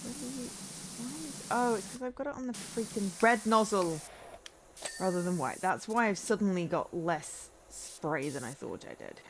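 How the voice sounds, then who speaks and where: A woman's voice: medium pitch, expressive, moderate pace, slight background noise. A woman streaming a cleaning game, chatting casually and self-deprecatingly with her viewers and laughing often. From not American. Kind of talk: casual gameplay chat with viewers.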